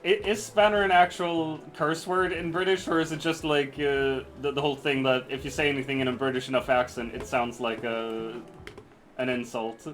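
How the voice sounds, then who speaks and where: A man's voice: medium pitch, level tone, moderate pace, a bit bright, soft background music. A man streaming a video game, chatting casually with viewers, reading out chat and joking around. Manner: playful, jokey, reads chat aloud.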